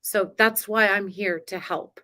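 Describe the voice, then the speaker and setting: Hosting a spiritual coaching live stream, this woman talks casually in a chatty, emotional manner and laughs often. Her voice is medium-pitched with fairly even intonation, a little slow and sharp in tone, and she was raised on a farm.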